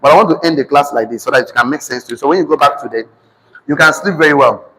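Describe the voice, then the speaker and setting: A man with a Nigerian accent teaching a finance class, repeating each phrase slowly so students can write it down. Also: fairly high pitch, pushed and bright, slightly rough, in a large hall, rough recording. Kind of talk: classroom lecture with dictation.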